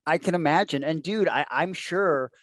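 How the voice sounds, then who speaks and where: A man's voice: fairly high pitch, moderate pace, a bit bright, no room sound. A man hosting a wrestling podcast, asking long, conversational questions. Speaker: podcast host. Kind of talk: casual interview questions.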